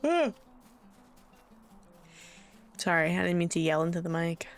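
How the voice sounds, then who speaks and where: A tired woman streaming a game, chatting in a relaxed, rambling way with self-deprecating asides. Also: fairly low pitch, a little slow, faint music behind. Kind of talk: casual game streaming commentary.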